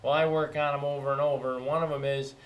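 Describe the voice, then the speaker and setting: A man's voice: a little high, level tone, fast. A middle-aged man giving a casual motivational talk, telling stories with lots of fillers. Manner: conversational, storytelling, many fillers. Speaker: motivational speaker.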